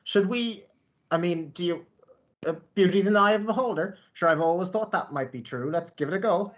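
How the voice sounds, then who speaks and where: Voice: medium pitch, brisk, lo-fi sound. A laid-back, wry player in a tabletop game. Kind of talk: casual tabletop game chat.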